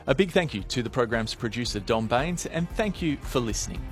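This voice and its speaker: A man, a radio host signing off the programme in a lively, brisk way. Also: mid-range voice, music in the background. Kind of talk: programme sign-off.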